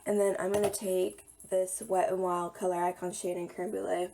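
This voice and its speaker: A young woman talks through her makeup routine in a relaxed, chatty way, her voice a little hoarse and gravelly. Her tone sits low and mellow. A faint hum of noise runs behind her. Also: normal speed. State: slightly hoarse. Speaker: beauty vlogger. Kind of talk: casual makeup tutorial.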